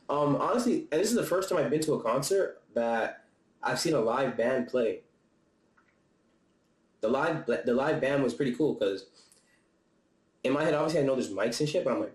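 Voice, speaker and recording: A man's voice: fairly high pitch, animated, a little fast, a little mellow, echoey room, low-quality recording. A young man chatting casually and a bit breathlessly in a loose, slangy, profane vlog, laughing often. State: slightly out of breath. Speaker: vlogger reviewing a concert. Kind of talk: casual chat. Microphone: camera-mounted mic.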